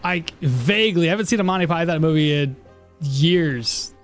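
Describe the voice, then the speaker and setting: A man's voice: fairly high pitch, normal speed, faint music behind. A man giving casual, rambling gameplay commentary as a streamer, often laughing at himself. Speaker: game streamer.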